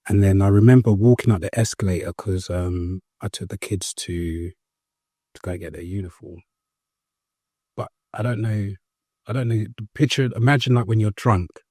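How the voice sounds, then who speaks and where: A young man with a deep, slightly husky voice tells his story as an interview guest. He speaks earnestly, step by step, padding his sentences with ums and starting over. The sound is close and dry. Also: darkish tone, no echo. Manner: hesitant, full of ums and restarts. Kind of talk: personal story in a conversational interview.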